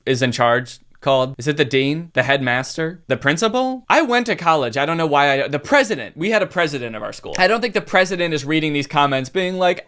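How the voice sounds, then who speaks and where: A young adult man giving comedic reaction commentary, sarcastic and animated, with mocking asides. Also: fairly high pitch, fairly quick, few pauses, soft background music. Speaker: commentary host.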